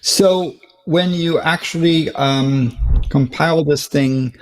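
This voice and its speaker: A man's voice: a little high, slow pace. Hesitant American man presenting code. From United States. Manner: hesitant, many fillers and restarts. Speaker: contest co-host. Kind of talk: casual presentation of contest entries.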